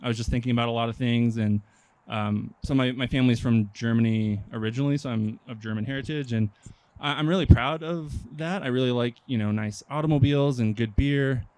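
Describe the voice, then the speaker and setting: A young man from Nebraska performs stand-up comedy on an outdoor park stage. His medium-pitched delivery is deadpan and hesitant, full of pauses and ums.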